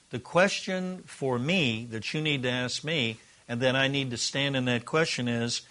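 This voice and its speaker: A man's voice: mid-range voice, pushed and bright. Earnest middle-aged man teaching a class. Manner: earnest, conversational, acts out example dialogue. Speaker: teacher of a relationship course. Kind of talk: teaching a class to a live group.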